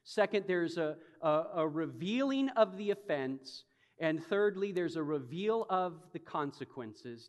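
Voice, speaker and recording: A man preaches a sermon in a church sanctuary, telling it dramatically and slowing down to stress key phrases. His voice sits a little high for a man. A long reverb from the large hall trails after his words. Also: lively intonation. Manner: dramatic storytelling with slow emphatic phrases. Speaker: pastor.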